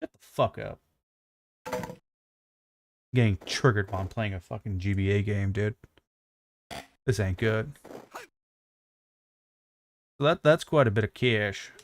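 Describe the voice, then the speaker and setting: A man's voice: lowish voice, measured pace, long pauses, a little hiss or hum. Profane ranting male game streamer. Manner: profane, ranting, self-mocking. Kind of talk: casual gaming stream chat.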